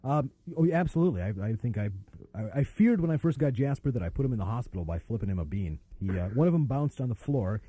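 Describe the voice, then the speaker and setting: A male radio host rambles wryly between callers. His voice is dark and mellow with a husky edge, and his pitch swings a lot as he talks. The sound is dry and close. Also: animated, quick pace, no echo. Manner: rambling, wry, self-interrupting. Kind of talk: casual call-in radio chat.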